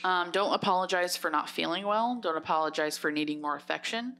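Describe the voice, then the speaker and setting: A woman's voice: fairly low pitch, brisk, fairly bright tone. A young woman co-hosting a casual podcast, talking frankly and giving direct advice. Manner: frank, plain-spoken, gives direct advice. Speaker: podcast co-host.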